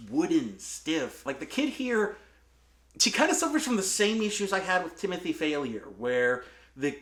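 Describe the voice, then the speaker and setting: A man reviews a film in a casual, candid way, dropping "like" everywhere and sounding exasperated. His voice sits slightly high for a man. The room around him echoes noticeably. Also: fairly bright tone. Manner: candid, exasperated, many fillers like "like". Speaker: movie reviewer.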